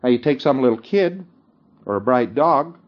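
A man's voice: mid-range voice, animated, moderate pace. Man lecturing casually on dull old tape. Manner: informal, keeps checking in with listeners, chuckles often. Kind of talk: conversational lecture.

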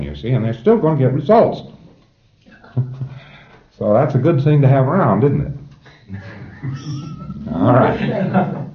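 A man's voice: lowish voice, reverberant, narrow, tinny audio. A man giving an informal lecture to a class of trainees, emphatic and wry, chuckling at his own jokes.

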